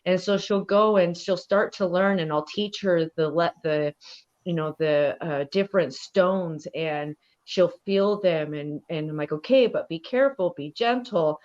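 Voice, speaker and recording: A woman's voice: on the low side, steady tone, a little slow, darkish tone. A woman speaking as an elder guest on a podcast, talking in a thoughtful, rambling way with many fillers. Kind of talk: casual interview conversation. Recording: dull lo-fi audio.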